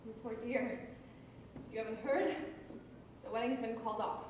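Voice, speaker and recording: A woman's voice: on the high side, fairly even intonation, moderate pace, a little mellow, slight background noise, close to an everyday voice. An actress playing a glamorous, melodramatic young showgirl bride on stage in a musical. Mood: dramatic. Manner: breathless and melodramatic. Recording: echoey theatre stage with music, mics far off.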